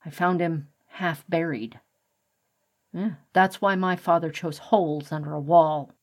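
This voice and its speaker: A woman voicing a relaxed adult male rat who talks in a matter-of-fact way. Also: sits low, unhurried. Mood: plain. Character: easygoing adult male rat, the colony's leader.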